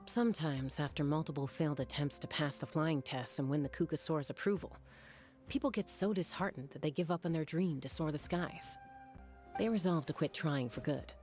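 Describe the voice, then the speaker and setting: A woman voicing a calm, composed young woman warrior in a video game, speaking in a steady, even manner. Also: low voice, normal speed, faint music behind, lightly acted. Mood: explaining. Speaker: game character.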